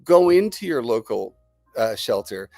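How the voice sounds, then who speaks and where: A man's voice: medium pitch, very animated, a little slow, vocal fry, mellow, dry recording, clean studio sound, faint music behind. A man hosting a live stream, chatting to viewers and answering their comments in a rambling, enthusiastic, salesman-like way. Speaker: host.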